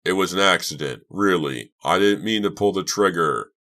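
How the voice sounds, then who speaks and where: A man's voice: rumbling low, steady tone, normal speed, fairly bright tone. A man voicing a nervous, guilt-ridden teenage boy who speaks glumly, in an audiobook. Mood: guilty. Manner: glum, anxious.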